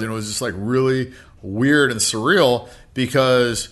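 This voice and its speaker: Laid-back swearing American man, bright voice. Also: mid-range voice, a little slow. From United States. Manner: laid-back, heavy swearing, many fillers. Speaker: podcast guest. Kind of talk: casual storytelling.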